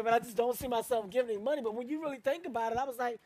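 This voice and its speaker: An energetic male comedian from Philadelphia with a high, lively voice. He tells stories in an animated interview chat and laughs easily between points. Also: racing. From Philadelphia, United States.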